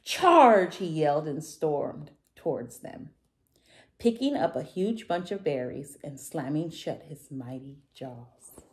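A woman reading a picture book aloud to children, warm and sing-song. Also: deep voice, slow. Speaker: children's story reader. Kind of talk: read-aloud storytelling for kids.

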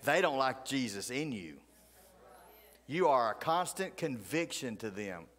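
A middle-aged man, a pastor telling folksy stories in a sermon, flaring loud, then dropping to hushed asides. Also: medium pitch, very animated, measured pace. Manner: folksy, fiery, swings between loud outbursts and hushed asides. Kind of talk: animated storytelling sermon. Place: church sanctuary. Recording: church hall reverb.

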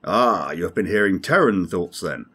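A man's voice: sits low, expressive, moderate pace, pushed and bright, husky, heavily acted. A man voicing a brusque, commanding male alien starship captain who demands answers. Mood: impatient.

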